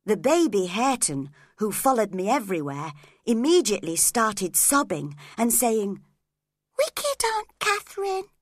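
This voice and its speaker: A woman narrating a novel aloud in the first person, in an expressive storytelling manner. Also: mid-range voice, normal speed, no room sound, studio quality. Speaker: audiobook narrator.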